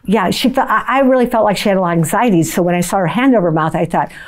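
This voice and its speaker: A woman volleyball coach telling a story in a documentary interview, reflective and measured. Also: mid-range voice.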